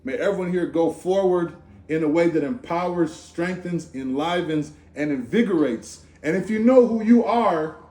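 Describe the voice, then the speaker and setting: Male preacher with a high voice, slangy and conversational, informal sermon at a gathering. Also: moderate pace. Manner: animated, conversational, slangy with asides. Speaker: speaker giving a Torah talk. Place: Sukkot gathering in a room. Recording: echoey room.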